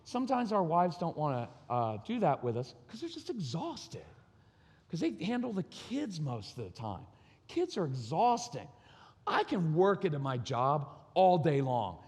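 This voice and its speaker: A man's voice: a little high, wildly swooping pitch, unhurried, darkish tone, breathy edge. A man in his forties giving a talk at a conference, telling personal stories and acting out both sides of conversations. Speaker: conference speaker. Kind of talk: personal storytelling talk to a live audience. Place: large hall. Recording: live recording in a reverberant hall.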